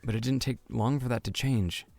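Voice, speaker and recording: A man's voice: mid-range voice, steady tone, brisk, vocal fry, darkish tone, close to an everyday voice. A man voicing a sarcastic young male coworker turned love interest in a visual novel game. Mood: tender. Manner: sarcastic, teasing. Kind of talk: voiced visual novel dialogue.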